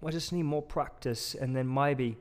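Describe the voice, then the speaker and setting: A man's voice: medium pitch, normal speed. Young guy chatting on a podcast, mid voice, laughs at himself a lot. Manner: laughing, self-deprecating. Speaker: podcast co-host. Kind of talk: casual chat. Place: back of a gym.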